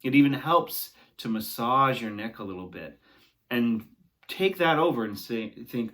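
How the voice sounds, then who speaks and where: In this vocal warm-up lesson, a young man coaches singers with a medium-pitched, fairly bright voice, lively intonation and a measured pace. Encouraging throughout, he talks along with each exercise and frequently tacks on "right?".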